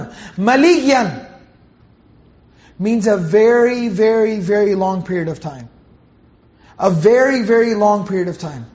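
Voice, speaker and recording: Man, very high voice, Quran teacher, emphatic, repeats for stress, dull lo-fi sound. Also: darkish tone. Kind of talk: explaining Quranic verses.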